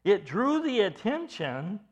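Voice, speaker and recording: Animated, high-voiced male preacher. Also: slow, lo-fi sound. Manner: emphatic, earnest, repeats and restarts phrases. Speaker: pastor. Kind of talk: expository sermon.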